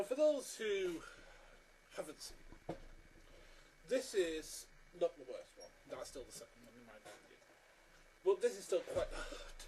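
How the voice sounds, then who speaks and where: Brief: man in a casual ranting review, fairly high voice, blunt and fed up. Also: mellow, slight background noise, low-quality recording. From Britain. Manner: blunt, exasperated, lots of restarts. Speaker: film reviewer.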